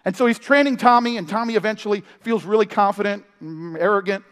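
A male family pastor preaching in a lively, storytelling way, with quick humor and playful impressions. His voice sits high for a man. It rings out with the long reverb of a large hall. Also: smooth. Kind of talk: sermon. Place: church. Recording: live sermon in a reverberant hall.

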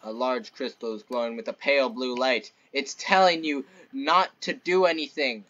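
A man's voice: medium pitch, steady tone, moderate pace, bright, forceful tone, highs cut off. A young man casually joking and teasing his co-player while playing a video game. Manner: joking, teasing, slips into silly voices. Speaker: gamer. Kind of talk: casual let's-play chat.

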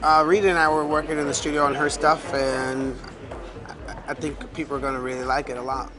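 A man's voice: fairly high pitch, level tone, brisk. An American man, a talent show judge, answering in a casual interview with a lot of ums and restarts. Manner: hesitant, lots of ums and restarts. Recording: music behind.

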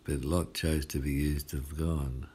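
An Australian male pastor delivers a midweek sermon in a folksy, chatty manner, frequently asking his listeners "hey?". His very low, mellow voice moves at an unhurried pace with a level tone. A faint ambient hum sits in the background.

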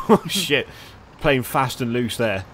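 A young man at a middle pitch whose voice swings widely as he fumbles with the controls, cursing and muttering to himself between bursts of laughter. It is casual gaming commentary over faint game noise. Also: expressive, slow, fairly bright tone. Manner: flustered, sweary, laughing, talking to himself. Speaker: gamer.

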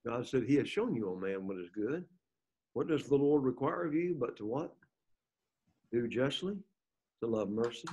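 A man's voice: medium pitch, darkish tone, breathy edge. A man teaching a Bible lesson to a class, reading scripture aloud and asking the group questions. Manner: asks the class questions, reads scripture aloud with rising emphasis.

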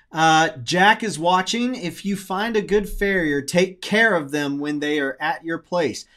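A man's voice: fairly high pitch, normal speed, few pauses, fairly bright tone. A man co-hosting a live show, casually reading out viewer comments and questions. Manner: easygoing, reads viewer names and comments aloud.

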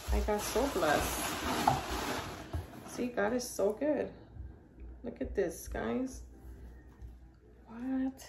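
A middle-aged woman who hosts a YouTube channel opens gifts on camera for a casual unboxing vlog, gushing, exclaiming and thanking her viewers. Her medium-pitched voice is a little mellow with vocal fry, and the poor audio has some hiss or hum.

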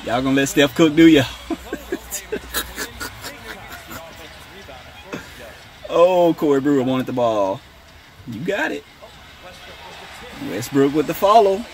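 Excitable man reacting to a basketball game. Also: mid-range voice, normal speed, pauses often. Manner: excitable, slangy, talks to viewers as y'all. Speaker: sports reaction YouTuber. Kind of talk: casual live game reaction.

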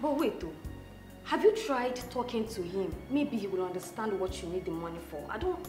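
An actress with a Nigerian accent playing a teasing female friend who coaxes her friend to calm down. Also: mid-range voice, normal speed, lightly acted. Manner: teasing and coaxing. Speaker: film actress. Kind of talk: Nollywood film acting. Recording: echoey room with faint music.

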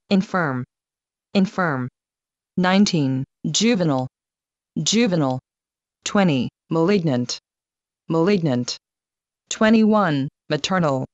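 A woman with a fairly low voice reads a vocabulary list at a very slow, deliberate pace, saying each word twice. The sound is dry and a little dull, like a lo-fi studio recording. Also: darkish tone, no echo. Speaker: vocabulary reader.

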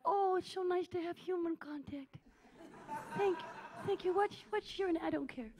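A woman's voice: extremely high pitch, moderate pace, crowd noise, noisy background. A woman playing a needy, self-obsessed aging female cabaret diva, gushing and melodramatic as she teases the audience from a theatre stage. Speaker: cabaret performer. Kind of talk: live stage character comedy.

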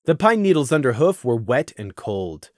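A man narrating a story in a lively, expressive reading voice. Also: medium pitch, normal speed, dry recording, studio quality. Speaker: audiobook narrator.

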